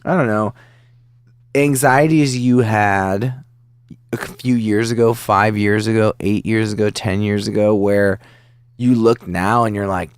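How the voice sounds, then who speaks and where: A man hosting a podcast, asking questions in a relaxed casual chat and searching for his words as he goes. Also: lowish voice, a little slow, clean tone, no echo, clean studio sound. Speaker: podcast host.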